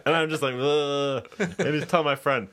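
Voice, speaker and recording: A man's voice: fairly high pitch, fairly even intonation, rapid-fire, fairly bright tone. A man telling crude stories in casual chat, laughing often.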